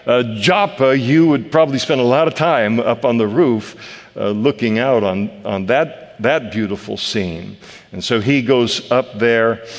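Man preaching in a reverberant hall. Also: lowish voice. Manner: conversational, with frequent filler pauses. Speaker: pastor. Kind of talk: expository sermon.

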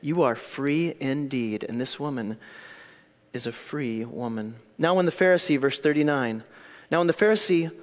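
A man preaching a sermon, telling the story in an animated way that swings between hushed and excited. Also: medium pitch, normal speed. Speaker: pastor. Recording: long hall reverb.

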